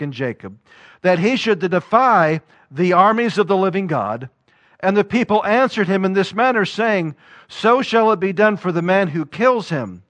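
A man's voice: sits high, fairly bright tone. A man preaching a sermon, reading scripture and acting out voices with questions to the congregation.

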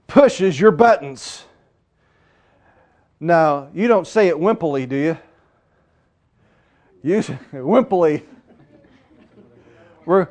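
A male preacher with a noticeably high voice delivers his sermon with fervor. He surges into loud exhortation, then drops to hushed, intimate asides. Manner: impassioned, swinging between loud urging and hushed asides.

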